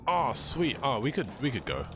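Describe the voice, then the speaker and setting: A man's voice: medium pitch, huge pitch swings, moderate pace. Laid-back young British man streaming. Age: young adult. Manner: laid-back, joking, explains tricks. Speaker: speedrunner. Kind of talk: casual live-stream commentary. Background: game music.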